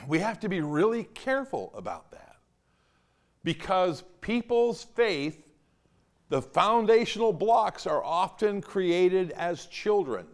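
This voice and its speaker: A male pastor preaching a sermon, emphatic and animated, acting out the quotes he tells. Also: sits high, takes it slowly.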